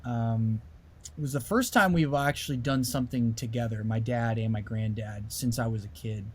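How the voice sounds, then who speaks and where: A man, a musician being interviewed, telling a story in a lively way and raising his voice sharply when he acts out what people said. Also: mid-range voice, moderate pace, husky. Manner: animated storyteller, voice rises sharply when acting out quoted lines. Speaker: musician guest.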